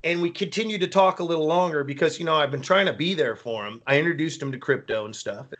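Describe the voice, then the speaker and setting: A man's voice: fairly high pitch, quick pace. Rambling man hosting a live stream. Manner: rambling, animated storytelling with quoted voices. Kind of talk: casual chat.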